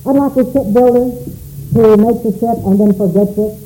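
A man preaching a sermon, his voice high for a man yet dark and mellow, swinging widely up and down as he calls out questions. The church room rings with echo. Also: moderate pace, a little hiss or hum. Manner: dramatic preaching, calling out questions. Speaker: pastor.

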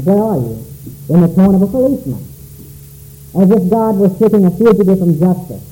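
A man's voice: high voice, dark tone, echoey room, low-quality recording. A man preaching a sermon in a church, calling out questions dramatically to the congregation. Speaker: pastor.

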